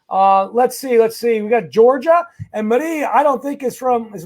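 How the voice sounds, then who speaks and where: Very high-voiced man, chatty lawyer. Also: brisk. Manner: energetic, chatty, greets viewers by name; rallying, emphatic on legal points. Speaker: immigration lawyer. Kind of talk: live-streamed Q&A answering viewer comments.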